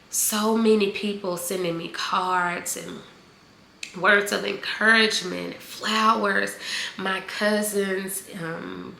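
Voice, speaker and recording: Emotional woman with a gravelly voice. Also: mid-range voice, sharp tone. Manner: heartfelt, halting, many fillers. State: emotional, near tears. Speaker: vlogger. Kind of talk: personal storytelling vlog. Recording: echoey room, faint background noise.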